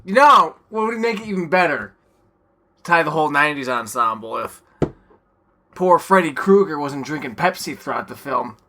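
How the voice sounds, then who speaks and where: Sardonic young man, lively bright voice. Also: fairly high pitch, normal speed, slight background noise. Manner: sardonic, swears casually, drops into mocking voices. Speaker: podcast co-host. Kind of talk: casual chat.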